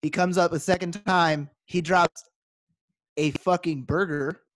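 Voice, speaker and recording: Higher-voiced man telling a story. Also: unhurried. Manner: animated, acts out quoted dialogue. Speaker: podcast co-host. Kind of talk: casual storytelling.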